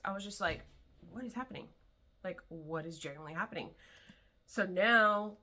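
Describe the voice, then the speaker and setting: Bright-voiced young woman gushing about books. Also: medium pitch. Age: young adult. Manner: enthusiastic, rambling, filler-heavy. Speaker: vlogger. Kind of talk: casual book review chat.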